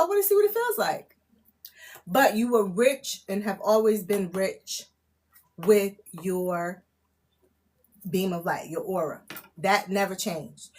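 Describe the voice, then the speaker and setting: Excitable woman giving a live psychic reading. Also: medium pitch. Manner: excitable, swears, laughs at herself, says "okay?" a lot. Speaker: spiritual tarot reader. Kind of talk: live-streamed channeled reading. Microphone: phone or camera mic on a live stream.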